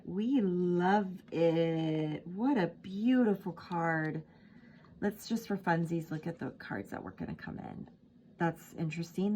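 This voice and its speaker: A woman's voice: on the low side, darkish tone, a little hiss or hum. A woman giving a casual tarot reading, emotional and gushing, full of fillers like "like" and "um", moved to tears. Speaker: tarot reader.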